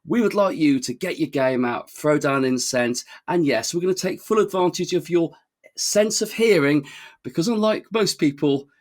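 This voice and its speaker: A man's voice: on the high side, moderate pace. An English man co-hosting a podcast in casual chat, jokey and laughing often as he runs through the show's plugs. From England. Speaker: podcast co-host.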